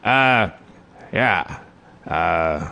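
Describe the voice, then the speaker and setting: A man's voice: sits low, animated, extremely slow, gravelly, pushed and bright, voice pushed down, exaggerated voice. A man voicing a homeless man on the street who mumbles with hesitant fillers and bursts into screaming threats. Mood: mumbling.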